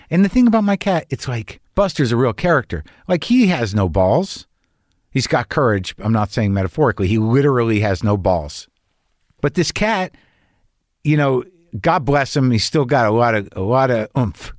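A man's voice: on the low side, no room sound, studio quality. Rambling, profane male comedy podcast host. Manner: rambling, anxious, profane, self-mocking. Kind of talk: comedic monologue and casual chat.

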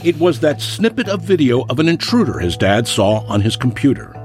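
A man narrating a true-crime news story with a dramatic, measured delivery. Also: medium pitch, sing-song, faint music behind.

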